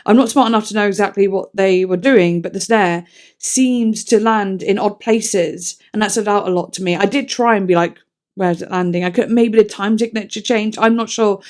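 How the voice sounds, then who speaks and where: A young-sounding woman talks her way through a song review in an easy, chatty vlog voice. She is enthusiastic and a little self-deprecating, often drifting into soft, thoughtful asides. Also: medium pitch, moderate pace. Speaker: music reviewer.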